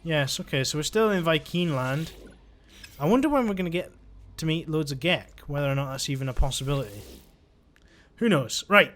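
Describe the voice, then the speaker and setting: Chatty man with a higher voice. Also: animated, moderate pace, fairly bright tone. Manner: chatty, joking, thinks aloud. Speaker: let's-play gamer. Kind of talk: casual gameplay commentary.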